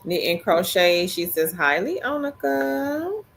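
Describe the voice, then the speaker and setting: Slow-talking woman greeting her livestream chat. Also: fairly low pitch, big pitch swings, vocal fry, slight background noise. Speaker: livestream co-host. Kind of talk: casual livestream chat, reading viewer comments.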